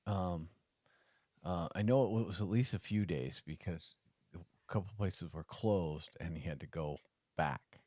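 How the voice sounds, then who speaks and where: A man co-hosting a podcast in casual chat, playful and quick to laugh. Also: no room sound, clean studio sound. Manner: playful, laughs often, lively swings in pitch. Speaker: podcast co-host.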